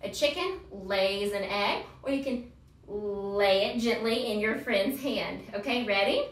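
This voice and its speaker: A woman's voice: mid-range voice, measured pace, far from the mic. Chanting woman teacher, roomy echo. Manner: cheerful sing-song chanting, coaching a child. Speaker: homeschool teacher and channel host. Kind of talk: upbeat grammar lesson with chants.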